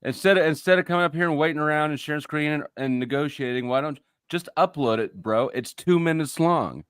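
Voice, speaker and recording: A man's voice: fairly high pitch, a little fast, a bit bright, smooth, no echo, studio quality. A man hosting a live stream panel, who talks in a teasing, profane way and eggs the others on. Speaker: stream host.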